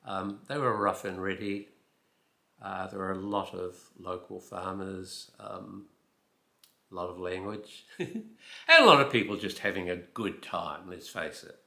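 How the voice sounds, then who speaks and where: A man in his eighties, from New Zealand with an Australian accent, telling a personal anecdote in an unhurried way with fillers and wry asides. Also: low voice, vocal fry, bright, forceful tone, roomy sound. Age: 80s. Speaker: storyteller.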